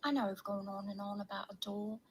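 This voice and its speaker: A woman voicing a grumbling female kangaroo vlogger with a put-on Australian accent, talking in a slow, rambling drawl from a played-back video clip. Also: medium pitch, flat delivery, noisy background, close to an everyday voice. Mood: complaining.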